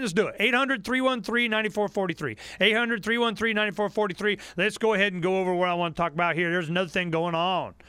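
A man's voice: high-pitched, sharp tone, clean tone, no echo, studio quality. A man hosting a call-in talk radio show, ranting fervently and repeating his points. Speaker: talk radio host and website publisher. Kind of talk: impassioned call-in radio monologue.

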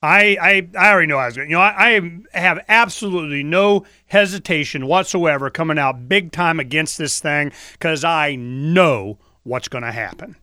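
High, bright-voiced talk radio host. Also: male voice, moderate pace, few pauses, dry recording, clean studio sound. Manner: animated, mocking, puts on voices to mimic officials. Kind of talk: casual talk radio chat.

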